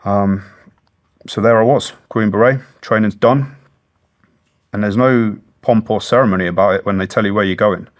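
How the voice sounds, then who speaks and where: A man's voice: fairly low pitch, steady tone, moderate pace. A British man in his thirties, a former soldier telling his story as an interview guest in an earnest, plain-spoken way, swearing freely. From Britain. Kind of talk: long-form interview storytelling.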